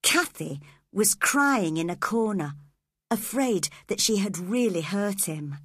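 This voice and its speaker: Slow, expressive woman narrating a storybook. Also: mid-range voice, slightly rough, dry recording, studio quality.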